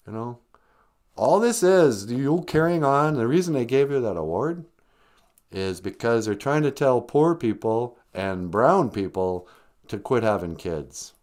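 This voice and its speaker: A man's voice: medium pitch, darkish tone. A man hosting a live-stream podcast, rambling through a sarcastic, mock-grumpy comedic rant. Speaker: podcast host.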